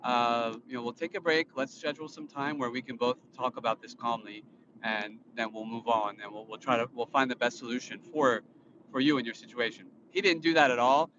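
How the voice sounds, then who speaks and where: A man's voice: mid-range voice, fairly even intonation, brisk. A man in his thirties, filming himself on a phone in a car for a casual vlog monologue. He rambles with many fillers and restarts, in an indignant, lecturing tone. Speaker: vlogger and father. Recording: muffled, with road noise. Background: vehicle noise.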